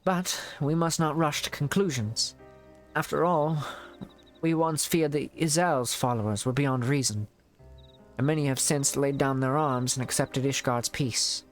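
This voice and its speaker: A grave, formal official, read aloud by a man who weighs every word. Faint game music runs underneath. The voice stays mid-pitched and steady. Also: close to an everyday voice. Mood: solemn. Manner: measured, formal reading.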